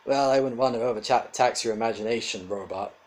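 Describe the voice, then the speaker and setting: A man's voice: mid-range voice, a little fast, a little mellow, natural voice. A man doing a sneering, cocky adventurer. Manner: sneering and offhand. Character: brash, cocky two-headed male adventurer.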